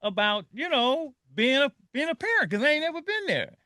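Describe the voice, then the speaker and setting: This older man hosts a radio talk panel, his voice pitched high and bright. He tells stories with feeling and repeats words as he goes. The sound is dry and close. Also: brisk, no room sound. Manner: animated storyteller, emotional, repeats words. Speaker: radio show host.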